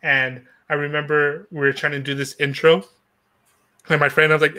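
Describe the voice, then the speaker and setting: A man's voice: a little high, flat delivery, a little fast, pauses often, pushed and bright. A man chatting casually, rambling with frequent laughs and casual swearing. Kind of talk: casual chat.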